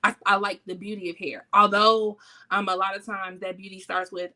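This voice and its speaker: Bright young woman guest, relaxed. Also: medium pitch, normal speed. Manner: relaxed and reflective, with frequent fillers. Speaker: guest, business owner. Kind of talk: casual interview.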